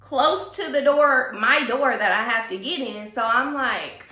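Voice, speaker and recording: A woman telling a story in a casual vlog, animated and gossipy, talking straight to her viewers. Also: high-pitched, measured pace, echoey room.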